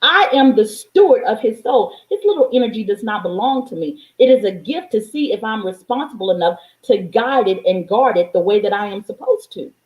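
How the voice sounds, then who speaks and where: A woman's voice: mid-range voice, expressive, fairly quick, few pauses, mellow, roomy sound, poor audio. A woman life coach and mother talking straight to her viewers in an emphatic, preachy way. She repeats lines for stress and swears freely. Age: adult, parent of a young child. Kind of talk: motivational vlog monologue.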